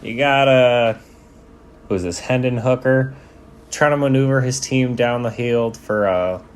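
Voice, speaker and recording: A man's voice: mid-range voice, measured pace, a little hiss or hum. A man giving casual, joking commentary over game footage, laid-back and swearing freely. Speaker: sports video commentator.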